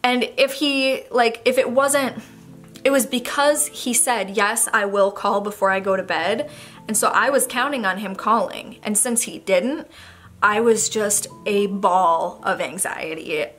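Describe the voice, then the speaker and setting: A young female vlogger with a mid-range, fairly bright voice talks candidly and unhurriedly to a camera on a tripod in her bedroom. She rambles through an emotional confession as soft music plays in the background.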